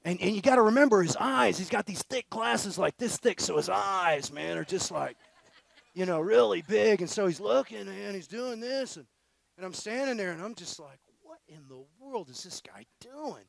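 A man preaching at a conference, telling a story in a loose, slangy and energetic way, full of fillers. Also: high voice, moderate pace, gravelly. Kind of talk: storytelling sermon.

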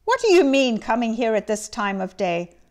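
A woman voicing an old man, a reformed miser who turns giddy and briefly feigns gruffness, in a dramatic reading. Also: fairly high pitch, normal speed. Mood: mock gruff. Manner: excited, exclaiming. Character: old male miser turned jolly, gruff.

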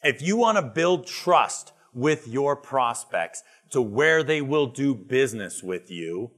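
Middle-aged male keynote speaker, storytelling, emphatic, animated. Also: mid-range voice. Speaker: business speaker. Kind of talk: motivational keynote talk. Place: retreat event.

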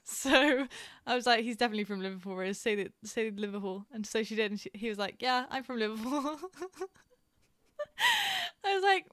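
A woman's voice: on the high side, fast, fairly bright tone, dry recording, studio quality. A young woman from England streaming a game, chatting casually and telling stories with frequent giggles and fillers. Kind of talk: casual chat while gaming.

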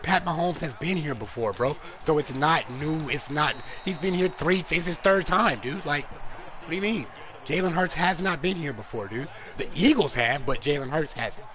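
A young man streaming a football video game live, trash-talking and commentating, dropping to mutters and jumping up to yells. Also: on the high side, animated, normal speed. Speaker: gaming streamer.

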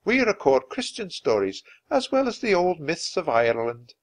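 A man's voice: fairly high pitch, sing-song, moderate pace, pitched above the performer's own voice. A man playing an earnest, welcoming monk. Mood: proud. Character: warm, welcoming adult male monk guide.

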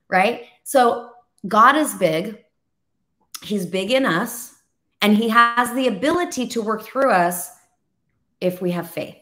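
A woman in her thirties or forties who preaches over a video call. Her delivery is animated and full of stories, and she acts out the voices of the people she quotes. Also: a little high, measured pace. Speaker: ministry leader and co-host.

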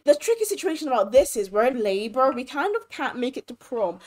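A woman hosting a gaming channel, giving bubbly, chatty commentary while she plays and filling her talk with "like". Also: fairly high pitch. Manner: bubbly, lots of fillers like "like".

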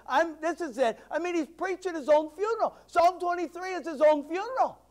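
A male pastor preaching a sermon, moving between loud, emphatic declarations and hushed, drawn-in asides to the congregation. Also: very high-pitched, animated, fairly quick, few pauses.

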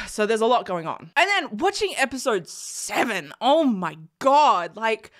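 A young woman gushing excitedly about a TV show in a casual reaction vlog, laughing often, recorded indoors in a small room. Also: a little high, measured pace. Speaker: reaction vlogger.

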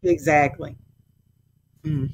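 A woman's voice: low-pitched, fairly even intonation, slow, darkish tone, a little hiss or hum. A woman hosting a live stream, reacting to a clip with indignant, scornful rhetorical questions. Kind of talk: heated casual commentary.

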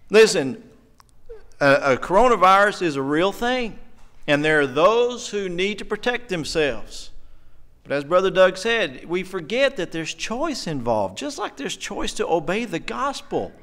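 A man's voice: high-pitched, very animated, a little slow, fairly bright tone. A middle-aged man preaching a sermon in a church, earnest and emotional, pressing his points with emphasis. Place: church sanctuary.

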